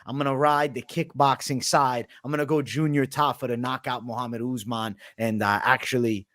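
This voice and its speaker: A man's voice: mid-range voice, fairly even intonation, normal speed, a bit bright, no room sound, clean studio sound. A man co-hosting a casual sports betting chat, blunt and emphatic, swearing now and then. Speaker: co-host of a fight betting show.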